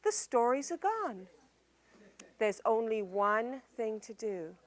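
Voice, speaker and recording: A woman entertainer telling a story live to young children, animated and sing-song with drawn-out emphasis. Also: a little high.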